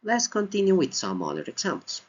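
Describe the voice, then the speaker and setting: A man whose first language is Spanish, teaching English pronunciation and stressing each word slowly and clearly. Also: sits high, huge pitch swings. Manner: exaggerated word stress, repeats words slowly. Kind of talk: slow deliberate pronunciation lesson. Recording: slightly dull lo-fi recording.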